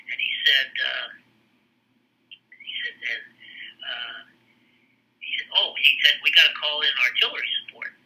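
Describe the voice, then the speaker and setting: An older man in casual conversation, telling family war stories in a rambling, halting way, with many restarts and blunt profanity. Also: medium pitch, bright, forceful tone, rough recording.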